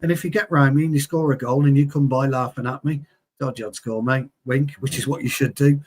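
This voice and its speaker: A man in his 40s, a former player, co-hosts a heated football chat full of swearing and tells stories from his playing days. His voice is medium-pitched and quick, and his manner is animated.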